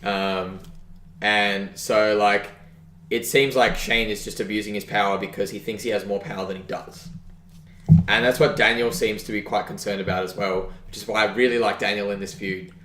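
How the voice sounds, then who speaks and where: A man's voice: on the low side, steady tone, normal speed, a bit bright, echoey room. A man co-hosting a podcast, rambling through a casual wrestling recap with lots of fillers and real enthusiasm. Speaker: podcast co-host.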